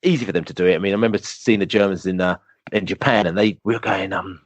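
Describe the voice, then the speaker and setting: A man, a podcast guest telling animated, rambling football fan stories full of fillers. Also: deep voice, fast, no echo. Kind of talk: casual storytelling interview.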